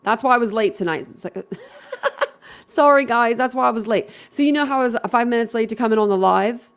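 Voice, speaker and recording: Gravelly-voiced woman rambling on a live stream. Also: a little high, fairly quick. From Philadelphia, USA. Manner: rambling, outspoken, chatty. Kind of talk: casual live-stream chat.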